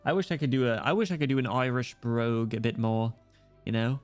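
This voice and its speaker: A man's voice: medium pitch, steady tone, a little fast, a little mellow, clear, resonant tone, faint music behind. A man streaming a game, chatting casually, joking and swearing. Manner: joking, crude, laughs easily. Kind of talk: casual gaming commentary with read-aloud dialogue.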